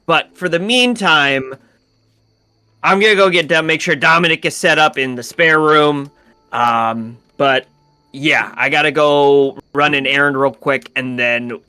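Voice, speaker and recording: A man's voice: medium pitch, unhurried, pushed and bright. A man playing a tabletop game, talking in character and rambling with fillers and restarts. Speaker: player.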